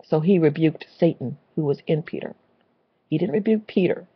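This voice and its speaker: Brief: woman, husky voice, earnest preachy rant on faith, dry dull lo-fi home recording. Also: low-pitched, moderate pace, no room sound. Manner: earnest, preachy, repeats phrases for emphasis. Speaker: Christian video blogger. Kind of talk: impassioned religious rant to camera.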